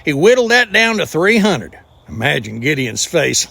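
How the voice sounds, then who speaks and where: A man's voice: a little high, big pitch swings, normal speed, creaky, pushed and bright, no room sound. A man with a Southern US accent hosting a scripted comedic trivia show, folksy and exclamatory with punchy jokes. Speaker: host.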